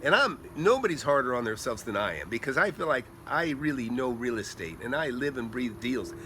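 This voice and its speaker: Bright-voiced man, rambling storyteller. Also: medium pitch, sing-song, brisk, slight background noise. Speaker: real estate investor. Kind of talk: casual storytelling vlog. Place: outdoors by a pool at night.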